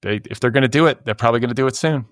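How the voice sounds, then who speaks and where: A man's voice: mid-range voice, very fast, dry recording, studio quality. A middle-aged man co-hosting a podcast in casual chat, wry and rambling with lots of filler words. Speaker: podcast co-host.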